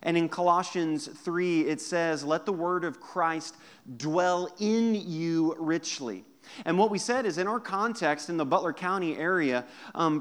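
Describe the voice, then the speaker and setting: A man preaching a sermon as pastor to his congregation, lively and joking with the listeners. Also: on the high side. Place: church service.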